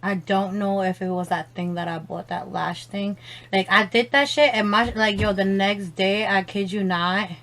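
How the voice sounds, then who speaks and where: A woman's voice: mid-range voice, fairly even intonation, normal speed, a bit bright. A young woman vlogging as she does her makeup, swearing a lot and laughing often while chatting on the phone. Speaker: beauty vlogger. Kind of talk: casual makeup chat on the phone.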